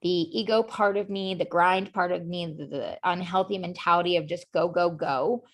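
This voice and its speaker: A podcast guest with a lowish voice and steady tone tells her personal story at a moderate pace. She's candid, earnest and emotionally open, using lots of "like" and "you know" as she talks.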